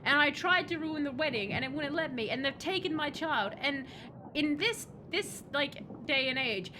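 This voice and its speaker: A woman's voice: high-pitched, expressive, moderate pace, noisy background. A woman streaming a game, chatting with viewers and reading the game's lines aloud. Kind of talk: casual game streaming chat.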